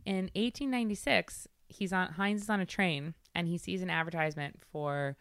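A woman co-hosts a casual podcast chat and tells a story playfully, laughing often. Her voice sits low and comes across smooth and clear. The sound is dry and close to the mic. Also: fairly even intonation, normal speed, a bit bright, dry recording. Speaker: podcast co-host.

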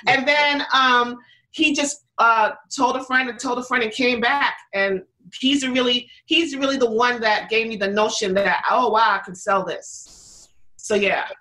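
Bright-voiced chatty woman telling her story. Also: on the high side, a little slow, poor audio. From United States. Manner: chatty, many fillers and restarts, acts out quotes. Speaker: interview guest, pizza business owner. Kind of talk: casual interview storytelling.

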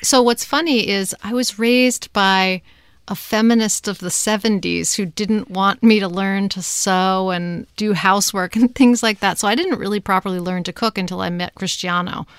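A middle-aged woman with a gravelly yet smooth, clear voice. She talks in a lively way and laughs often as an interview guest. The sound is dry and close. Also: mid-range voice, moderate pace, no room sound. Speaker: guest, co-founder.

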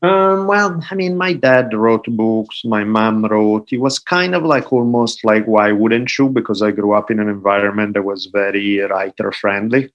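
A man in his forties speaks with a light Italian accent. His voice sits a little low, and he talks easily as a guest, with a dry, self-mocking humor. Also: moderate pace, hardly any pauses, lo-fi sound. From Italy. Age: 40s. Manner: joking, self-deprecating, relaxed. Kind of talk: casual interview chat.

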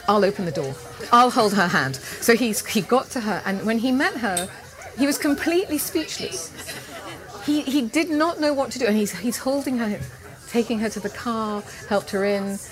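A woman cooking teacher telling a lively personal story as an interview guest at an outdoor market event. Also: on the high side. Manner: animated anecdote-telling with laughs and quoted voices. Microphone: handheld interview mic, live recording.

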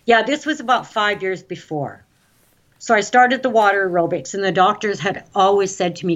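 A woman guest telling her own story in a casual interview, chatty and excitable, recorded on dull lo-fi audio. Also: medium pitch, normal speed.

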